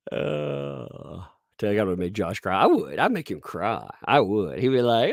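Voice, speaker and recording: Give me a sarcastic male streamer with a lively, bouncing pitch, recorded dry and close. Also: slow pace, creaky, long pauses, no echo, highs cut off. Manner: mocking, sarcastic, laughing often; puts on squeaky mocking voices when quoting people. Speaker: live-stream host. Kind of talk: live-stream commentary reading chat.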